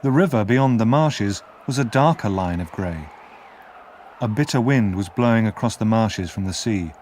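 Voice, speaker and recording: A man narrating a classic story as an audiobook in a measured, expressive storytelling manner. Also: lowish voice, a little hiss or hum.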